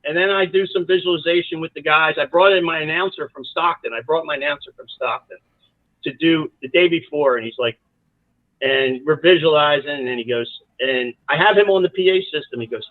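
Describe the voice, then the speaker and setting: A man's voice: on the high side, a little fast, no echo. A man, a college soccer coach, telling long rambling stories with asides as a podcast guest. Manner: animated, rambling storyteller with many asides. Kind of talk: storytelling in a podcast interview. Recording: tinny phone-like line.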